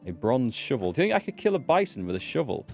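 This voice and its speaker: Chatty British gamer with lively pitch. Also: male voice, fast talker, vocal fry, faint music behind. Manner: chatty, answers chat and laughs easily. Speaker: let's play gamer and streamer. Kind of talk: casual live-stream commentary.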